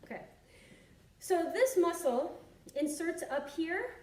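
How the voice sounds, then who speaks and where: Woman fitness instructor, high voice, chatty asides, slightly breathless, distant mic in an echoey room. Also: animated, slow, darkish tone. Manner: chatty and encouraging, thinks aloud with asides. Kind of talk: instructional demonstration while exercising.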